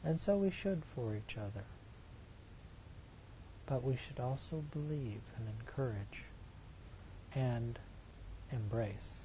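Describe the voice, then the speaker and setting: A man's voice: mid-range voice, lively intonation, slow, pauses often, warm tone, a little hiss or hum, rough recording. A man preaching a sermon, reading scripture verses aloud and commenting on them with rhetorical questions in an earnest, emphatic way.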